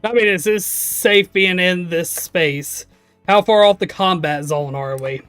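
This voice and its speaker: A man's voice: high voice, measured pace, fairly bright tone, clean tone, no echo, faint music behind. A man voicing an eager young male helicopter cadet in a game, mock-polite and fawning.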